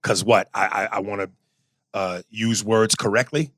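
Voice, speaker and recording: A man's voice: fairly low pitch, steady tone, normal speed, fairly bright tone, dry recording. A man co-hosting a podcast in casual banter, bluntly reading out listener messages and judging them. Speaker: podcast co-host.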